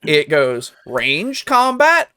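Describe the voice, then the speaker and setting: A man's voice: a little high, wildly swooping pitch, slow pace, pushed and bright, clean tone. A young man co-hosting a casual tabletop gaming podcast, chatty and enthusiastic, laughing often and talking through fillers. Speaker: podcast co-host. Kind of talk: casual chat.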